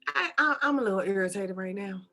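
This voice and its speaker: A woman's voice: mid-range voice, lively intonation, fast talker, bright, forceful tone, voice pushed down. A woman voicing Paul, a hardworking male farmer who complains in an incredulous, exasperated way. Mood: weary, explaining.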